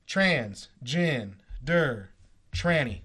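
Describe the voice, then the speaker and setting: A man being interviewed in a casual chat, telling stories in a profane, animated way. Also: mid-range voice, extremely slow, slightly rough. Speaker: interview guest, radio host and comedian.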